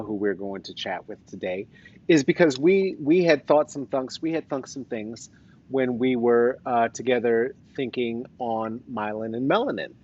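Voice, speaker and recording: A man with a Colorado accent and traces of the East Coast, hosting a casual livestream with playful, rambling, jokey asides. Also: medium pitch. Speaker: host. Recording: slightly dull lo-fi sound.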